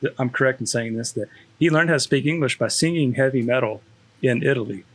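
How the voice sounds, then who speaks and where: A man's voice: mid-range voice, quick pace, fairly bright tone, husky. A man, a school district network specialist, chatting casually with many restarts and fillers. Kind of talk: casual chat.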